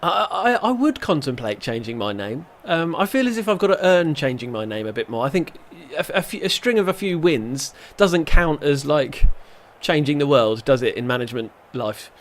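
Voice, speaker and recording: A man's voice: a little high, big pitch swings, normal speed, few pauses. Bloke rambling through his football sim run, chatty, self-mocking, yelps at the near misses. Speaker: gaming YouTuber. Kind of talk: casual let's-play commentary.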